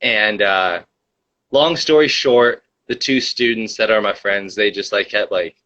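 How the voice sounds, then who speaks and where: A man's voice: fairly low pitch, unhurried, sharp tone, muffled recording, a little hiss or hum. A young man hosting a casual livestream, telling a rambling story full of fillers and reading the chat.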